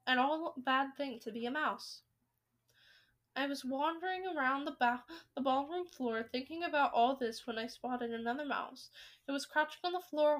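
A woman reading a children's novel aloud, with lively, expressive storytelling. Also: high-pitched. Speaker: reader.

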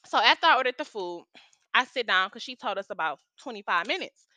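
A young woman with a high, bright, forceful voice spins a profane, slang-filled story in a casual chat. The sound is dry and close, with no room around it. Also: lively intonation, a little fast, no room sound. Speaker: storytime vlogger.

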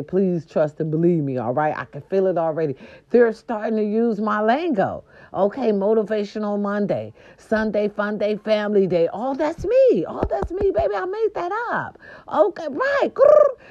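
A woman's voice: lowish voice, dark tone, lo-fi sound. A woman hosting a podcast in casual holiday chat, sassy and playful, who breaks into little growls. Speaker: podcast host.

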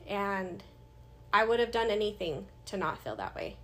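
Woman in her 30s chatting on a podcast, gets really animated acting out old convos, bit of faint noise behind. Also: mid-range voice, normal speed. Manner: animated, acts out past dialogue. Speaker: podcast guest. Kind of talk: casual storytelling interview.

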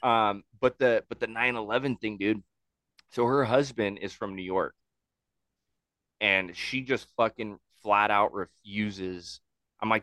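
A man hosting a casual podcast, telling stories in an animated, heavily profane way. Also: mid-range voice, moderate pace, dry recording. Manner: animated, swears constantly, excitable storytelling. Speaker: podcast host.

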